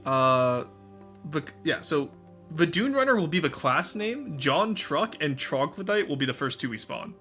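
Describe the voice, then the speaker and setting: A man's voice: a little high, measured pace, soft background music. A young man chatting with his stream viewers, laughing often. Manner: animated, laughs often, talks to chat. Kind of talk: casual live-stream chat.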